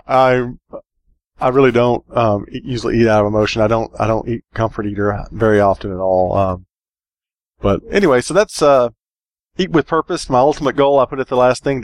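A man's voice: mid-range voice, moderate pace, no room sound. A man co-hosting a podcast, chatting casually and joking, with a lot of fillers. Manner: relaxed, joking, rambling with fillers. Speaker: podcast co-host.

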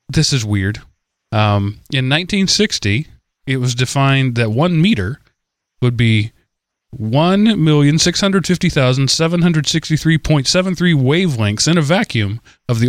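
A man's voice: mid-range voice, lively intonation, moderate pace, dry recording. A man hosting a casual comedy podcast, giving wry announcer-style intros and chatting with his co-hosts on a close mic. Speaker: podcast host.

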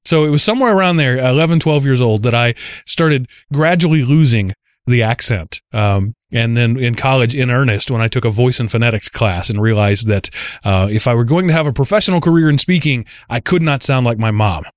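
An animated man from the Southern United States hosts a casual podcast and tells stories with lively jumps in pitch. His voice is close-miked and dry, with an ordinary middle pitch. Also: brisk, dry recording. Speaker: podcast host.

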